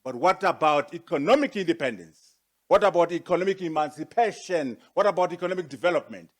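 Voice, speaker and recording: A man with a high-set voice delivers a formal presentation to an audience. He speaks emphatically, stacking rhetorical questions and leaning on key words with sharp rises. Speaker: guest speaker.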